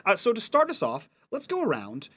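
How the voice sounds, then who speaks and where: A man narrating a tabletop game as game master in a playful, lively way. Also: high voice, brisk, husky, dry recording.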